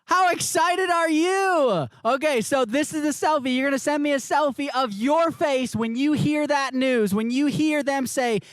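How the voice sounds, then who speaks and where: A man's voice: very high-pitched, normal speed, hardly any pauses, no echo. A man hosting a youth live stream, chatting casually and talking straight to viewers in an upbeat way. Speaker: youth ministry host.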